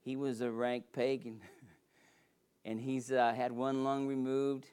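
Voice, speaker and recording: A man preaching with an emphatic, repetitive cadence, his voice at a middle pitch. He drives points home by building phrase upon phrase. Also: little pitch movement, slow, a little mellow, clear, resonant tone. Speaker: pastor. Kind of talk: sermon.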